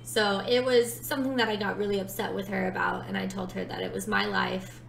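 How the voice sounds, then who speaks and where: A woman's voice: medium pitch, flat delivery, a little fast, gravelly, fairly bright tone, reverberant, slight background noise, poor audio. A woman in her twenties telling a personal story in a casual vlog, chatty and full of fillers. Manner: chatty, many "like" fillers, dramatic retelling. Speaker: storytime vlogger.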